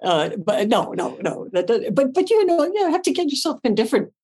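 A woman actress as a podcast guest, telling animated stories, acting out her own past lines and swearing casually. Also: a little high, a little fast. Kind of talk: animated storytelling.

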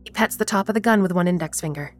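A woman narrating a horror story in a measured, even storytelling manner. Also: fairly low pitch, faint music behind.

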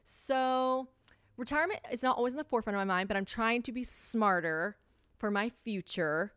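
A young adult woman hosting her own podcast, chatting casually, swearing freely and acting out quoted conversations with big jumps in pitch. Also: moderate pace, a bit bright, smooth, no room sound, studio quality. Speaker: podcast host. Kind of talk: casual solo podcast chat.

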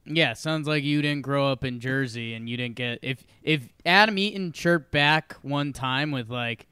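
Bright-voiced co-host, a man. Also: mid-range voice, measured pace, clear, resonant tone, no echo, clean studio sound. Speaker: podcast co-host. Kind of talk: casual sports talk.

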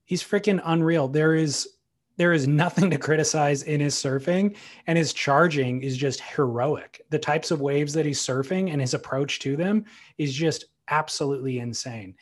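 Relaxed, teasing man co-hosting a chat. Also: fairly high pitch, moderate pace. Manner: relaxed, teasing, enthusiastic about surfers. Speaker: podcast co-host. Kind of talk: casual surf talk chat.

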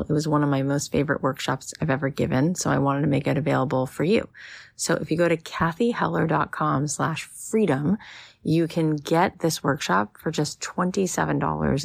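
A woman's voice: low-pitched, creaky, no echo. A woman hosting a podcast, reading an earnest, encouraging intro and a plug for her workshop. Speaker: podcast host. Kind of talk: scripted intro and ad read.

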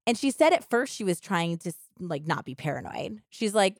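A woman co-hosting a podcast, retelling a true crime story in animated, casual chat and filling it with "like" and quoted voices. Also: medium pitch, a little fast, no echo, clean studio sound. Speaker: podcast co-host.

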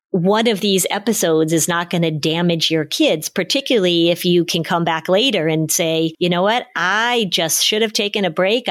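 A middle-aged woman co-hosting a parenting podcast, giving calm, instructive advice in a casual chat. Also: on the low side. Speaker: parenting podcast co-host, parenting expert.

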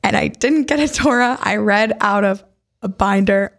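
A young woman co-hosting a podcast, chatting casually and telling animated stories with blunt opinions. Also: medium pitch, normal speed, creaky. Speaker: podcast co-host. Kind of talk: casual chat.

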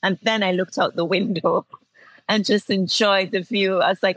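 A woman's voice: mid-range voice, fairly even intonation, normal speed, fairly bright tone, no echo, rough recording. A woman in her forties from Antigua, telling a personal story as an interview guest in a heartfelt way, laughing through tears and restarting phrases. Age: 40s.

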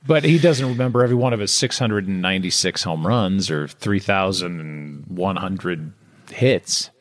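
A man's voice: low-pitched, normal speed. A man co-hosting a podcast, telling stories in a casual, wry and joking chat. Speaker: podcast co-host.

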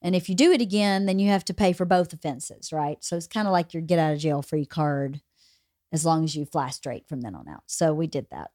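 A woman's voice: deep voice, brisk, mellow, no room sound, clean studio sound. A woman hosting a podcast, telling a funny personal story in casual chat and laughing through it. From small rural town in the US. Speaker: podcast host.

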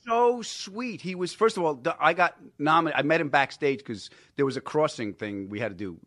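A man hosting a casual podcast, telling his own stories in an animated way and chiming in with quick reactions. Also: fairly high pitch, dry recording. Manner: animated storytelling with quick interjections. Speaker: podcast host. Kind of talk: casual interview chat.

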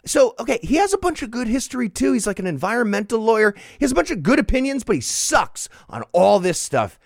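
A man's voice: very high-pitched, very animated, fast, creaky, no room sound, clean studio sound. A man co-hosting a comedy news podcast, reading quotes aloud with sarcastic comic emphasis. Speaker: podcast co-host. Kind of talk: casual comedic news chat.

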